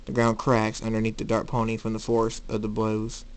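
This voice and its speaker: A man's voice: fairly low pitch, completely flat delivery, moderate pace. Man narrating an amateur story, plain reading, occasional restarts. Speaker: fan fiction reader.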